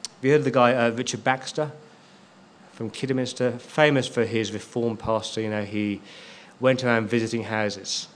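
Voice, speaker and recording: A man's voice: mid-range voice, steady tone, normal speed. A man preaching a sermon as a pastor, stressing key words and repeating them for emphasis.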